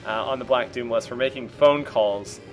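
A man's voice: medium pitch, normal speed, faint music behind. A man hosting a podcast in casual chat, joking, laughing often and mimicking others in quotes. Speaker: podcast host.

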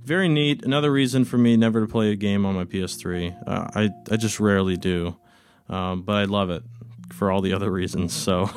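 A man's voice: on the low side, a little fast. Man, podcast co-host, casual chat, easygoing, chuckles often.

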